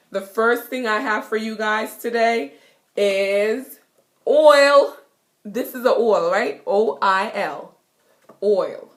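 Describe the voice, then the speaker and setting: A young woman with a Jamaican accent gives a playful, giggly patois lesson in her kitchen, repeating words slowly. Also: fairly high pitch. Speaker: vlogger teaching patois. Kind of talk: casual video lesson. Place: home kitchen.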